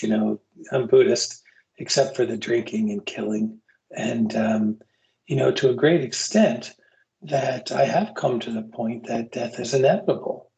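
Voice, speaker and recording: A man's voice: mid-range voice, vocal fry, a little mellow, low-quality recording. A man teaching EMS providers in a casual, candid lecture that mixes stories with plain talk. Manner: candid, storytelling, casual asides. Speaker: EMS continuing education instructor.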